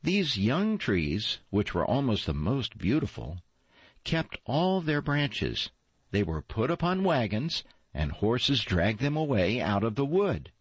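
Male fairy-tale narrator, unhurried and husky, dull lo-fi recording. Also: medium pitch, no echo. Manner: slow, expressive storytelling. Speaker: storyteller. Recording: dull lo-fi, dry.

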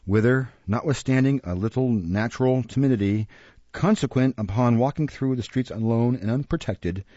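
A man reading a classic novel aloud as an audiobook narrator in a measured way. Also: fairly low pitch, dark tone, no echo, dull audio. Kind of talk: scripted narration.

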